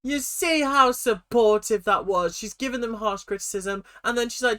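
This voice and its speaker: A woman's voice: fairly high pitch, moderate pace, pushed and bright, a little hiss or hum. A woman hosting a reaction video, giving sarcastic, giggly, mock-outraged commentary.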